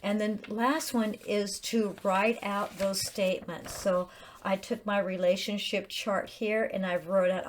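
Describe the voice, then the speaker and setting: A middle-aged woman, a chaplain, gently explaining grief recovery homework with personal examples. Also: mid-range voice. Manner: gentle and earnest, reading out sample statements. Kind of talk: instructional talk with personal examples.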